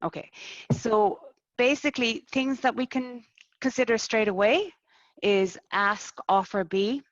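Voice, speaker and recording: A woman presenting a webinar, explaining in a steady, list-like way. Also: a little high, measured pace, no echo. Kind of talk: structured webinar talk. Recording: dry, dull lo-fi mic.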